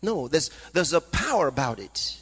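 Preacher guy, pretty high voice, swings up and down a lot, fervent, big hall echo. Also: big pitch swings, normal speed, fairly bright tone, husky. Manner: fervent, exclaims praise between points. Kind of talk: sermon. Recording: long reverb of a hall.

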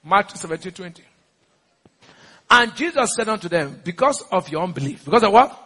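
A man's voice: high-pitched, sing-song, a little fast, bright, forceful tone, husky, in a large hall. A man with a Nigerian accent preaching a sermon, urging the congregation to repeat lines and slipping into pidgin. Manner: exhorting, call-and-response, mixes pidgin.

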